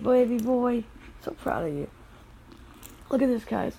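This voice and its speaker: A woman filming her children playing outside in the snow, narrating casually and calling out gentle, firm warnings to the kids. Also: a little high, animated, measured pace, vocal fry, long pauses, slight background noise, rough recording. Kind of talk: casual family vlog. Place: outdoors in the snow.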